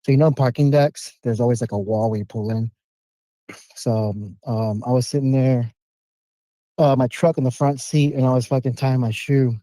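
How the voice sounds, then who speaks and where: A man calling into a podcast, telling a story with animated, profane street slang. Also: mid-range voice, normal speed, no room sound, low-quality recording. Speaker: caller. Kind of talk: casual storytelling on a call.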